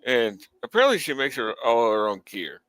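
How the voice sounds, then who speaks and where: A man co-hosting a wrestling podcast in casual chat, halting with many fillers and then jumping into sudden lively bursts. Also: medium pitch, no room sound, low-quality recording. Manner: halting, full of uhs and likes, then lively spikes. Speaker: podcast co-host. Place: home setup on a live stream call.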